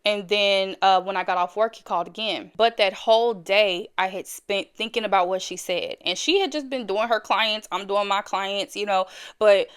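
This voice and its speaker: A woman with a smooth, resonant voice shares a personal story. She talks casually and straight to her viewers, repeating phrases for emphasis. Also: medium pitch, moderate pace, hardly any pauses. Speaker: storyteller host.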